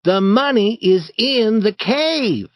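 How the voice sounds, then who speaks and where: A man's voice: sits high, slow pace, no echo, pitched above the performer's own voice. Man doing Tom, an eager young boy. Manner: excited, urgent, insistent.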